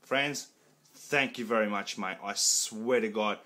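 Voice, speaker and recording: Excitable man, bright and brash. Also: fairly low pitch, unhurried. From Australia. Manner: excitable, loud and swearing, repeats himself. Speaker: collector showing off a box set. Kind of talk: excited unboxing vlog. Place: room at home.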